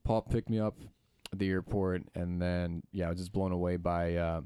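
A young man telling stories in a casual podcast chat, lively and quick to mimic others. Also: sits low, smooth, no echo, clean studio sound. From United States. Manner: lively storyteller, slips into mimicking voices. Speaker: podcast guest.

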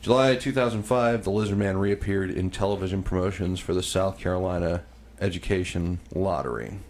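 Profane, laughing, low-voiced podcast man. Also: brisk, a little mellow, slight background noise. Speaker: podcast co-host. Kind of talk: casual comedic chat. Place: home room, smoking while recording.

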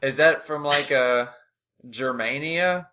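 A man's voice: fairly high pitch, takes it slowly, bright, forceful tone. A man playing in a tabletop game, joking and playful with his character. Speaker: player. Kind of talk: tabletop role-play.

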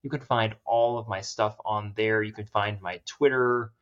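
Male podcast guest, low-ish voice, rambling and self-mocking, dull lo-fi audio. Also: fairly even intonation, normal speed. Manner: rambling, self-deprecating, laughs often. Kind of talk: casual chat.

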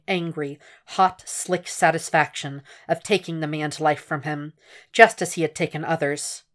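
Low-voiced woman reading fan fiction aloud. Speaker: podfic reader. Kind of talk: audiobook narration of fan fiction.

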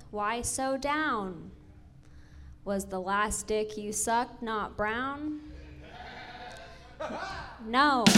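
Woman doing deadpan standup, talks real slow, kinda high voice. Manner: deadpan, slow, dry one-liners. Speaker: first-time stand-up comedian. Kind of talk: stand-up set. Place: comedy club stage.

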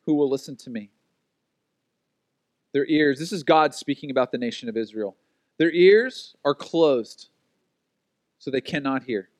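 Animated preacher man with a dry sound. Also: medium pitch, no echo. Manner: animated storytelling, acts out quoted voices. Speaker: pastor. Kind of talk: sermon.

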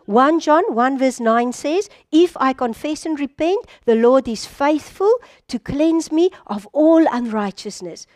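A woman's voice: high-pitched, a little mellow, dry recording, studio quality. A woman preacher teaching a congregation and leading prayer, earnest and direct, acting out sample prayers. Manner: earnest, modeling spoken prayers with quick asides.

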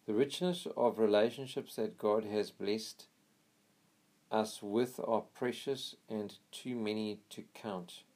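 A man reading a memoir aloud in an earnest, steady way, now and then pausing to pray quietly. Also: on the low side. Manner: earnest, pauses for quiet prayers. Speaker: reader of a missionary memoir.

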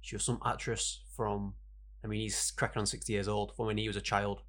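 A man's voice: fairly low pitch, flat delivery, brisk, a bit bright. A man co-hosting a podcast in a studio, chiming in with dry, wry remarks. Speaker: podcast co-host. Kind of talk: casual chat.

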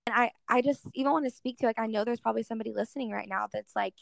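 An earnest young woman tells her story in a relaxed interview, leaning on "like" as she talks. Her voice sits a little high and carries plenty of creaky fry. The sound is dry and close, with no room echo. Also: rapid-fire. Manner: earnest, heavy use of "like" as filler. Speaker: guest speaker in worship ministry.

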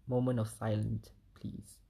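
Animated young woman chatting about songs. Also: very deep voice, unhurried, creaky, slightly rough. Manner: animated, swearing, sings lyric snippets, laughs often. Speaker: album reviewer. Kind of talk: casual vlog chat.

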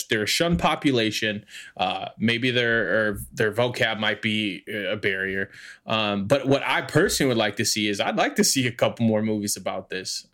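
A man's voice: lowish voice, fairly bright tone. A man co-hosting a casual podcast, thinking aloud with lots of fillers and restarts. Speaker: podcast co-host.

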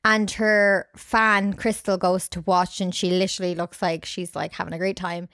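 A woman's voice: on the low side, flat delivery, normal speed, a bit bright, no room sound, studio quality. A young woman co-hosting a casual film podcast, chattily recapping scenes and acting out the characters' lines. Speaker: podcast co-host.

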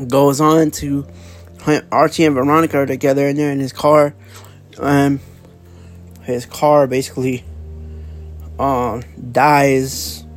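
A man's voice: mid-range voice, a little mellow. A man casually recapping a comic book's plot, rambling with lots of fillers, restarts and offhand swearing. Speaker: comic book reviewer.

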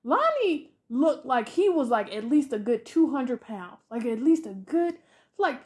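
A woman co-hosting a podcast, chatting casually about a movie, animated and exasperated as she rants. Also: sits high, a little slow. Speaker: podcast co-host. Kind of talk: casual movie review chat.

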